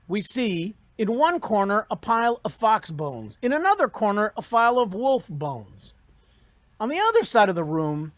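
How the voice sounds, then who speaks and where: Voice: mid-range voice, no echo. A professor giving a commencement speech, telling jokes and giving advice in a storytelling manner.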